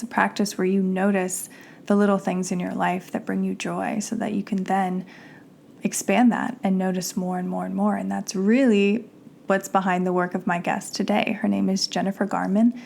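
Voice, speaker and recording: An enthusiastic woman in her thirties hosts a podcast and reads sponsor spots. Her voice has a gravelly, fry-tinged edge. She talks in a casual, chatty way. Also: mid-range voice, little pitch movement, moderate pace, darkish tone, slight background noise. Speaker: podcast host.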